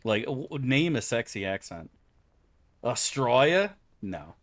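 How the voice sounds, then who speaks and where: A man's voice: medium pitch, very animated, slow, fairly bright tone, no echo. A man from Florida chatting casually with viewers while streaming a game, rambling, offhand and full of swearing. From Florida, USA. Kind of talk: casual chat while gaming.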